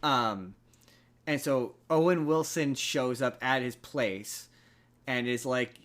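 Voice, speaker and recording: A man's voice: mid-range voice, slow pace, a bit bright. A man hosting a podcast, casually retelling a film plot in a rambling way full of fillers. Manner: rambling storyteller, filler-heavy. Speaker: podcast host. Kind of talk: casual chat.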